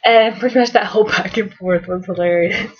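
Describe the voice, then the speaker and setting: A woman's voice: medium pitch, fairly even intonation, brisk, slightly rough, dull audio. A woman vlogging a casual fan countdown, bubbly and rambling, with lots of fillers and little giggles.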